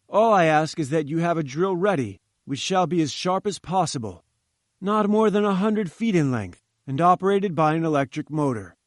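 A domineering older scientist barks orders and brushes off questions with lofty impatience, as a man reads him aloud. The voice sits a little high and sounds dry and close, with grand emphasis on the big words. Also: no echo, close to an everyday voice. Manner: commanding, dismissive, grandly emphatic. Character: imperious domineering male scientist, older, bearded. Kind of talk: audiobook character reading.

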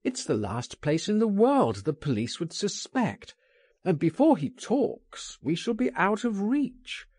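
A man voicing an urgent, impatient friend pleading and insisting, raised and animated in a storybook reading. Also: high voice, unhurried, dry recording, studio quality, pitched above the performer's own voice, heavily acted.

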